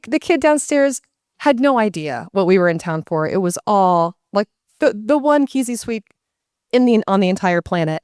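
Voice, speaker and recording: Animated storytelling woman, smooth voice. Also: on the low side, no room sound, studio quality. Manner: animated, breaks into voices for quoted people. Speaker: guest speaker. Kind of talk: casual storytelling to a live audience.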